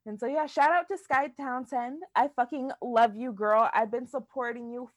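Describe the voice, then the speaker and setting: Mujer joven que se ríe y suelta palabrotas, tono algo agudo, sonido seco. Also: female voice, a little high, moderate pace, no echo. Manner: laughs often, swears freely, animated storytelling. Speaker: podcast co-host. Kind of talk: casual chat.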